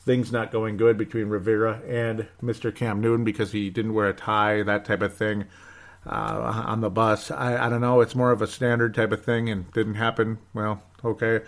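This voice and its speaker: A man's voice: lowish voice, steady tone, normal speed. A man hosting a sports podcast, rambling through results with sarcasm and mock despair. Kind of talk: casual sports commentary.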